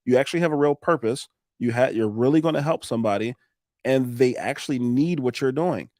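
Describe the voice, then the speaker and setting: A man talking casually on a podcast, coaching listeners on sales and connecting with customers in an animated way that swings between loud and quiet. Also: medium pitch, a little fast, dry recording, studio quality. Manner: animated, coaching, laughs often.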